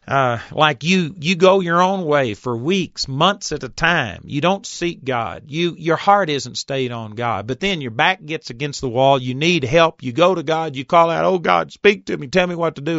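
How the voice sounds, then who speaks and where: A man in his fifties giving an earnest Bible teaching, reading scripture slowly and deliberately, on a recorded tape. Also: fairly high pitch, a bit bright, dry recording. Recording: dull, dry tape recording.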